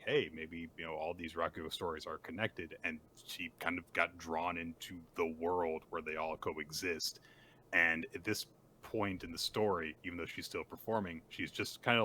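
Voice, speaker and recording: A man with a low, deep voice and a bright, forceful edge talks through comic chapters in casual podcast chat. He piles up "uh"s and "like"s as he retells scenes. He slips into quick voiced quotes for each character. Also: slight background noise. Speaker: podcast co-host.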